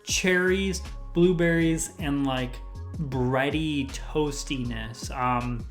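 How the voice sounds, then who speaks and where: A man's voice: a little high, drawn-out words, soft background music. A man hosting his own whiskey review channel, casually listing tasting notes with lots of "like" fillers. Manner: rambling lists of tasting notes, full of "like" fillers.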